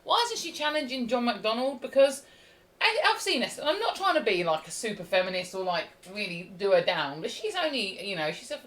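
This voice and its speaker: A woman's voice: on the high side, big pitch swings, a little fast, fairly bright tone, rough recording. A woman guest on a political podcast, talking in a chatty way with many fillers and restarts. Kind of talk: casual political discussion.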